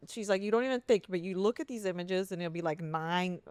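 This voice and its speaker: A woman co-hosting a podcast, telling a personal story in a rambling, animated way with many restarts and fillers. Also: fairly quick, clean tone, dry recording. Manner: jumps much higher when quoting her therapist, laughing and near tears. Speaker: podcast co-host. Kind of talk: casual chat.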